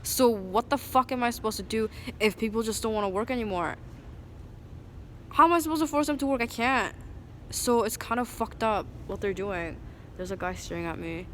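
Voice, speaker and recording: A woman venting to a phone camera at an outdoor bus station, agitated and rambling, full of "like", swinging from low muttering to loud indignation. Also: normal speed. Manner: agitated, rambling, heavy use of "like". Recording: street noise and passing vehicles.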